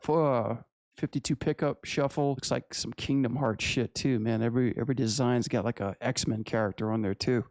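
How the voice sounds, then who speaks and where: A man hosting a casual animation review, excitable and full of profane slang. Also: medium pitch, gravelly, no echo. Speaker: animation reviewer, channel host.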